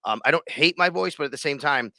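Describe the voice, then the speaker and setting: A man's voice: on the high side, fast, vocal fry, bright, forceful tone, dry recording. A man hosting a sports podcast, also a radio host, who talks in a rambling, loose, conversational way. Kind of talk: casual sports podcast chat.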